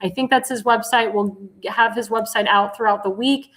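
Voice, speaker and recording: Woman talk show host; enthusiastic, promotional, repetitive donation pitches, self-correcting. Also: steady tone, normal speed, a bit bright, rough recording. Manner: corrects herself mid-sentence. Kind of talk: live political talk show.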